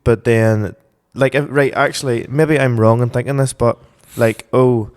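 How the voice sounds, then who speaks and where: A man's voice: medium pitch, fairly even intonation, unhurried, clear, resonant tone. A young man with a Northern Irish accent co-hosting a casual car podcast, thinking aloud, swearing now and then, and feeling cold. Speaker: podcast co-host. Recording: long reverb.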